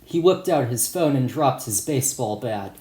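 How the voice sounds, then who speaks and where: A man's voice: medium pitch, moderate pace, mellow. A man reading his own first-person story as an audiobook in a plain, matter-of-fact way. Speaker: author and narrator. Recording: roomy echo.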